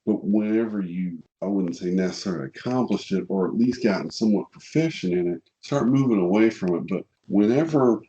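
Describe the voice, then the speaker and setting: A man's voice: fairly low pitch, a little fast, hardly any pauses, dark tone, highs cut off. A man with a Missouri accent co-hosting a casual podcast, plainspoken and blunt, getting fired up as he talks. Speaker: podcast co-host.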